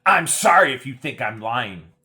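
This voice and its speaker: A man doing a shrill, defensive woman. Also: expressive. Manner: drawn-out, loud, defensive. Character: shrill evasive woman at a deposition.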